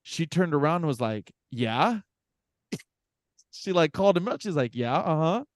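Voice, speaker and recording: A man's voice: fairly high pitch, lively intonation, normal speed, no echo, clean studio sound. Laughing, profane man hosting a podcast. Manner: laughing storyteller, loose and profane. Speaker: podcast host. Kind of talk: casual chat.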